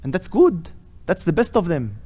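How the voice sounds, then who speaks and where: A man preaching a weekly lesson with rising fervor. His voice sits a touch on the high side, and he drives his points home with repeated rhetorical questions and recited Arabic phrases. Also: big pitch swings, normal speed, mellow. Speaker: sheikh giving a weekly lesson. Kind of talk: impassioned sermon.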